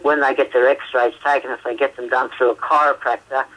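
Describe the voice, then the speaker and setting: A man's voice: mid-range voice, steady tone, fairly quick, fairly bright tone. Chatty Australian man on a call-in interview. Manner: chatty, laughs often, hesitant fillers. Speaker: guest therapist. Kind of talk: phone interview. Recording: radio show phone line.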